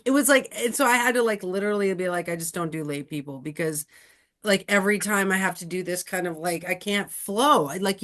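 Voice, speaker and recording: This is a woman astrologer hosting a relaxed podcast conversation. She talks in an animated, chatty way, piling up fillers as she goes, with a voice in the middle of the usual range. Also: mid-range voice. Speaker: astrologer and host. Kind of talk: casual podcast chat.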